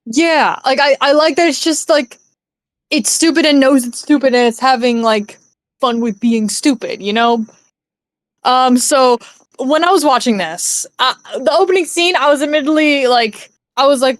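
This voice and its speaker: Woman streamer, higher voice, rambling casual movie chat, dry close mic. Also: moderate pace, no room sound. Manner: rambling, laughing, lots of fillers and swearing.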